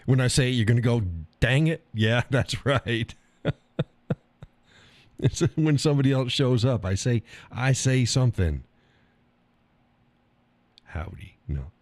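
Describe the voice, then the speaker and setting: A man's voice: mid-range voice, unhurried, pauses often, darkish tone, no echo. A man hosting a casual live stream, joking in a folksy way, reading viewers' comments aloud and laughing often.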